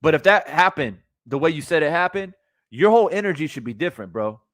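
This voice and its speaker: A streamer reacting to boxing news rants live, bluntly and profanely, repeating his points for emphasis. His fairly high, somewhat bright voice is very animated and quick, with no echo.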